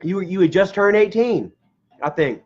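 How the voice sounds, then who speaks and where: A man's voice: high-pitched, lively intonation, moderate pace. A middle-aged man, telling a family story straight to camera at home, rambling, swearing casually and laughing through tears. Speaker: vlogger. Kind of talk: emotional personal storytelling to camera. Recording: dull lo-fi camera audio.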